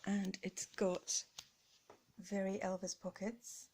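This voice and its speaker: A woman's voice: mid-range voice, level tone, takes it slowly, slight background noise. A woman with a playful, theatrical and self-mocking way of talking, showing off vintage clothes in a light-hearted chat. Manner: theatrical and self-mocking, often drops to a hush. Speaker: vlogger.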